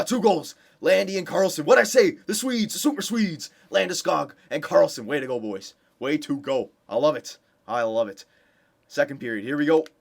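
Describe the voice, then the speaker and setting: Excitable young man cheering a game. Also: medium pitch. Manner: excited cheering for his team. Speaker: gameplay commentator. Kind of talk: casual video game commentary.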